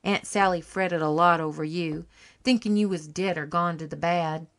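A woman reading an audiobook, voicing a friendly middle-aged male farmer who talks in a slow rustic drawl. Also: lowish voice, fairly even intonation, lightly acted.

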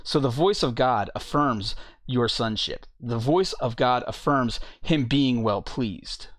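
A man's voice: mid-range voice, takes it slowly, a bit bright, no room sound. A man giving a bible teaching, reading verses aloud and commenting on them plainly. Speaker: preacher.

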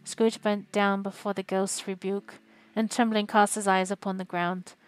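A woman streamer reading a classic novel aloud in a steady, expressive manner. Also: medium pitch, moderate pace, soft background music. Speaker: audiobook reader and streamer.

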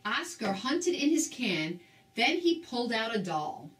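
An older woman reading a children's book aloud with slow, expressive storytelling. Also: a little high, a little hiss or hum. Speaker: storybook reader. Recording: roomy, distant mic.

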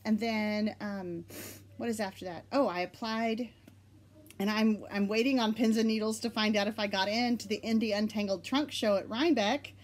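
A bubbly, excitable woman with an Oklahoma accent, chatting casually at home as the host of a knitting podcast. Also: medium pitch, moderate pace. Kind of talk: casual chat.

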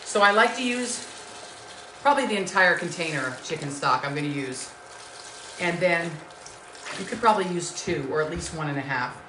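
Gushing woman doing a live cooking stream, lowish voice, echoey kitchen. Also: lively intonation, moderate pace, pauses often, sharp tone, slight background noise. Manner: effusive, greets viewers by name and calls them sweetheart and lovies. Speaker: home cooking show host. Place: home kitchen.

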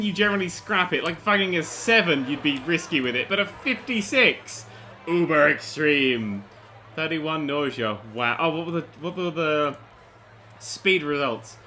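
A man hosting a gaming channel, giving excitable let's-play commentary into a desk mic, laughing and swearing as he plays. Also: high voice, normal speed, soft background music.

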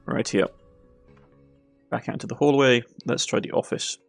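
A Cornish man reading through a detective game, dropping wry, dry asides as he goes. His voice is gravelly and sits at an ordinary pitch. Faint music plays under it. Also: normal speed. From Cornwall. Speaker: gaming YouTuber. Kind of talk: let's play, reading game text aloud.

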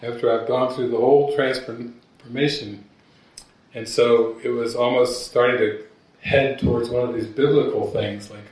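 A man's voice: medium pitch, steady tone, measured pace, a little mellow. A man, a spiritual teacher, telling stories to a gathering and often laughing at his own jokes. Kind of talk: talk to a gathering. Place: meeting hall at a gathering. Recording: very echoey room, voice from far off.

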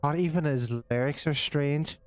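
Smooth, dry-sounding man, crude gamer banter, laughs a lot. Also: a little high, moderate pace, dry recording. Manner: crude joking, laughs often. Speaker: gaming channel co-host. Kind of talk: casual let's-play banter.

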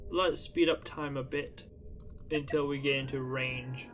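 A man's voice: medium pitch, fairly even intonation, a little slow, background noise. A man giving playful, jokey gameplay commentary as a let's play host, chatty and full of fillers, restarts and mock taunts.

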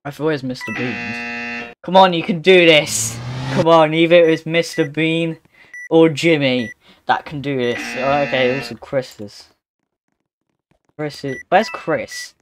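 A male gaming host giving live gameplay commentary, mostly calm remarks broken by sudden excited yelps and exclamations. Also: on the high side, a little slow, noisy background.

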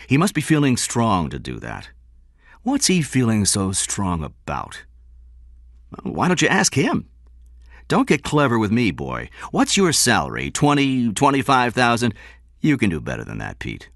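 A pushy, scheming male executive, as a man reads him, pitched up, dry sound. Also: huge pitch swings, measured pace, vocal fry, fairly bright tone, no room sound, full character voice. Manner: pushy and wheedling. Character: scheming narrow-faced male businessman.

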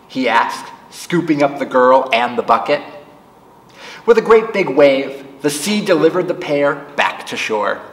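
A man reading a picture book aloud to children at a storytime, chatting with them between pages. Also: medium pitch. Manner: slow, animated read-aloud voice for children. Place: library room. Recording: echoey room, distant mic.

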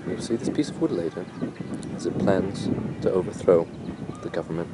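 Low-voiced man doing a mock nature documentary. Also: lively intonation, normal speed. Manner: mock-serious, crude and rambling. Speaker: narrator and camera operator. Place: outdoors in a neighborhood. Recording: outdoor camcorder audio with clear background noise.

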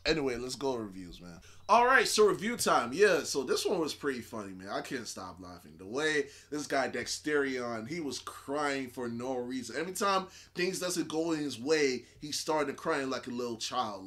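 A man hosting a reaction video, talking through his thoughts in a casual, animated way and repeating short phrases. His voice is bright, and his pitch rises and falls a lot. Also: normal speed, hardly any pauses.

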